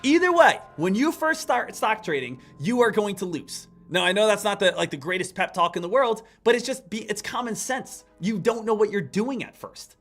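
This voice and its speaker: Bright-voiced man hosting a trading stream. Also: high-pitched, normal speed, few pauses, soft background music. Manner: animated, lecturing, addresses the chat directly. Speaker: day trading livestream host. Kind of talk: live trading commentary.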